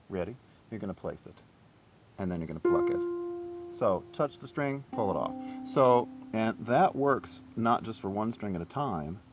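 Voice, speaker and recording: A man's voice: low voice, lo-fi sound. A man giving a casual, rambling harp lesson, chatty and self-deprecating. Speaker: harp teacher. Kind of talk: casual instructional video.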